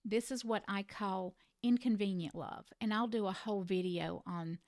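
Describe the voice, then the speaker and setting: A middle-aged woman who cared for a parent, telling a personal story to the camera in an earnest, reflective way with gentle emphasis. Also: medium pitch, normal speed, no room sound, clean studio sound. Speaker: family caregiver sharing advice.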